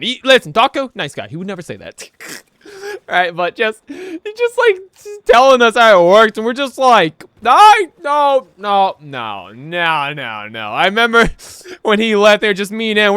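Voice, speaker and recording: A young man with a high, bright voice that leaps up and down as he chats over gameplay. He rambles, laughs easily and says "bro" a lot. The sound is close and dry, with no room in it. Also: clear, resonant tone, no room sound. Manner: rambling, laughs often, slangy with "bro" and "right?". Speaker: gaming YouTuber. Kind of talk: casual gameplay commentary.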